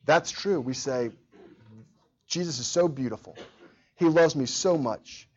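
A man's voice: on the high side, unhurried, slightly rough. Earnest male preacher, lo-fi sound. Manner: earnest, repeats words, acts out quoted prayers. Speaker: pastor. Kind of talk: sermon.

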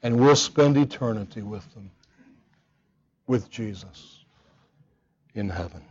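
A man's voice: on the low side, expressive, takes it slowly, darkish tone, husky, highs cut off. A man preaching a sermon, earnest and emphatic, often repeating words as he drives a point home. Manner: earnest, emphatic, with frequent repetitions.

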